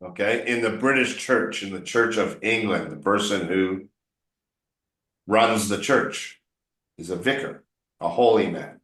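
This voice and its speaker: A man's voice: fairly low pitch, measured pace, a bit bright. A man coaching English one on one, patiently explaining words and drilling pronunciation by repeating them. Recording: roomy echo.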